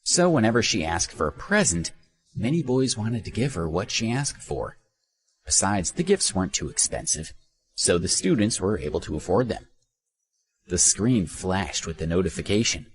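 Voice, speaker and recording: A man narrating an audiobook with a very deep voice. His pitch rises and falls a lot as he tells the story expressively. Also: very animated, moderate pace.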